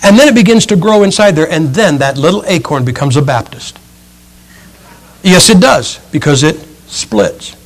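A middle-aged man preaching a sermon with animated, folksy storytelling and humor. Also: fairly high pitch, normal speed.

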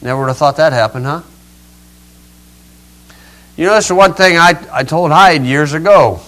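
High-voiced older preacher, folksy storyteller. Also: male voice, moderate pace, fairly bright tone, poor audio. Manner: folksy and dramatic, acting out voices with sudden rises and drops. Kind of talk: storytelling sermon.

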